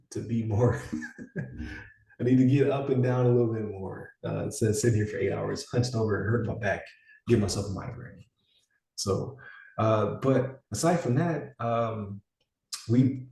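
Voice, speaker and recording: Gravelly-voiced man, rambling casual chat. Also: lowish voice, dark tone, far from the mic. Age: 40s. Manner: rambling, many fillers and restarts. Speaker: podcast co-host. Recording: echoey room, somewhat off-mic.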